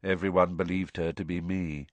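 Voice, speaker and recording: A man voicing a drugged young man who confesses in a flat, expressionless voice. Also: sits low, moderate pace, dry recording, natural voice. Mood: flat monotone.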